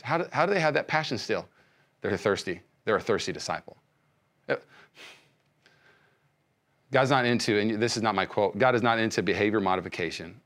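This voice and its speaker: Fast-talking, fervent male pastor. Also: expressive. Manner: swings from quiet, slow passages to loud, high, fervent bursts, acting out prayers; frequent repeated words and restarts. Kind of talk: sermon.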